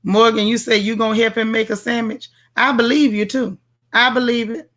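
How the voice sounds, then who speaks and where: Her voice sits a little high, steady and fairly bright, at a moderate pace. As host of a casual livestream, she playfully and sassily reviews a TV show, chatting directly with viewers and reading their comments.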